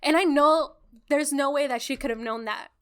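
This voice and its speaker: A woman's voice: high voice, normal speed. A woman, co-hosting a casual podcast and telling a story with lots of laughter and acted-out quotes. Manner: animated storyteller, acts out quotes, laughs often. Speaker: podcast co-host.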